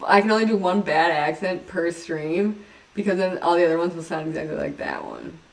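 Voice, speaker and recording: A woman's voice: lowish voice, big pitch swings, a little fast, recorded from a distance, a little hiss or hum. Giggly rambling woman, set back from mic. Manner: giggly, rambling, self-mocking. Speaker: livestream host. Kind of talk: casual livestream chat.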